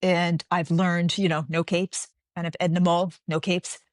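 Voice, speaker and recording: A woman in her forties, a guest author chatting in an interview, telling animated stories and acting out the dialogue. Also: lowish voice, moderate pace, dry recording, studio quality. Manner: animated storyteller, acts out quoted dialogue. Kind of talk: casual interview chat.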